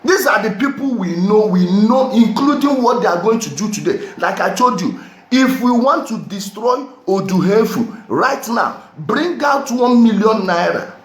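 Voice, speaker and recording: Nigerian male vlogger, fiery rant full of rhetorical questions, high animated pitch, roomy echo. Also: normal speed. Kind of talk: heated commentary rant.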